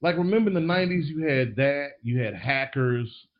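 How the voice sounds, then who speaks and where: A man's voice: medium pitch, animated, moderate pace. A man hosting a podcast in casual chat, rambling and slangy with many restarts, a little tipsy. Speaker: podcast host. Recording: dull lo-fi recording.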